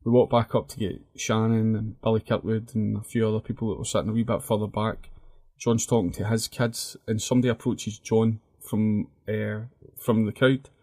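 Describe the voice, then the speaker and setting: A man's voice: lowish voice, moderate pace. A man with a Scottish accent, co-hosting a podcast and telling stories in casual, sweary banter. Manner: animated storyteller, swears freely. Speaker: podcast co-host.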